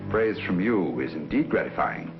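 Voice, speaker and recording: Unflappable master detective, crisp, wry; old film soundtrack with music. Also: male voice, sits low, animated, dull audio. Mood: cool, ironic. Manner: crisp, ironic, measured. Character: calm, dryly witty male master detective. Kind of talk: 1940s film acting.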